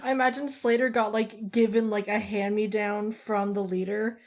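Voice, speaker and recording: A woman's voice: mid-range voice, flat delivery, moderate pace, darkish tone. A woman, a player in a tabletop game, rambling through her character's scene with many filler words. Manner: rambling, heavy with "like".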